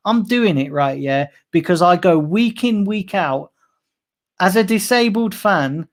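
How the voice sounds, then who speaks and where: A man's voice: sits high, expressive, a little slow. A man hosting a fan livestream, ranting angrily and swearing a lot while reading out chat messages. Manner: angry, heavily swearing, repetitive ranting. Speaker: fan channel host.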